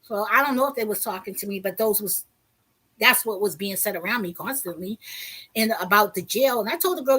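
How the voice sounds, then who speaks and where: A woman vlogger telling a personal story in a casual, blunt, animated way, with some profanity. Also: medium pitch, a little fast, slightly rough.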